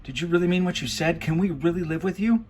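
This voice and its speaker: A man's voice: high-pitched, fast talker, a little mellow, slight background noise, pitched above the performer's own voice, natural voice. A man reading aloud, voicing an earnest, hopeful teenage girl. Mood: eager hopeful.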